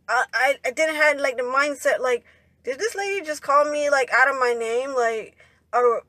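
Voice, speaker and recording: A woman's voice: sits high, fairly bright tone, no room sound. A young woman telling a story in a rambling, indignant way, ending her lines with "right?" and "you know". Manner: indignant retelling. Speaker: vlogger. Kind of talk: storytime monologue.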